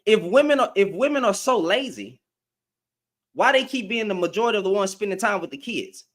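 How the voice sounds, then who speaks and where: Directly addressing commenters on his live stream, a man rants in slangy, confrontational language and repeats lines to stress them. His voice is high, animated, and brisk.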